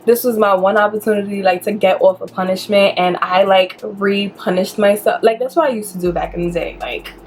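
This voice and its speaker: Young woman, chatty and animated storyteller, casual vlog delivery. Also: mid-range voice, brisk, few pauses, slight background noise. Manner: animated, chatty, filler-heavy with lots of "like". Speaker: vlogger telling a personal story.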